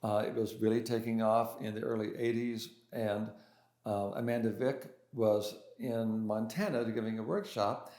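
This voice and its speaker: An older pianist and composer tells his story in an interview, speaking casually and hesitantly with lots of restarts and fillers. He has a fairly low, darkish voice with fairly even intonation at a normal speed, and the recording has a roomy echo.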